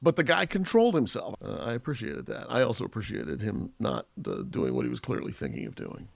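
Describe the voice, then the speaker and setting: A man, a TV news correspondent, telling stories in a lively, joking way while chatting with colleagues. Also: fairly low pitch, brisk, gravelly, no echo. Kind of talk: casual chat among colleagues.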